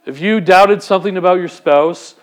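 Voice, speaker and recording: A man's voice: high-pitched, normal speed. A man preaching a sermon, speaking conversationally and putting direct questions to the congregation. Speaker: pastor.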